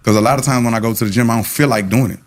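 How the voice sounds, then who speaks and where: A man's voice: mid-range voice, very fast. A man in a casual chat, boastful and playful, tossing in rhyming lines. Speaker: guest in a played clip.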